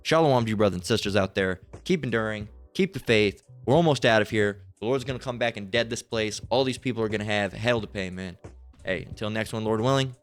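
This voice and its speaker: A man's voice: fairly low pitch, soft background music. Blunt, slangy man teaching scripture. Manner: slangy and blunt, reads verses slowly and deliberately. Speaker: bible teacher. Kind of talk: scripture lesson with casual commentary.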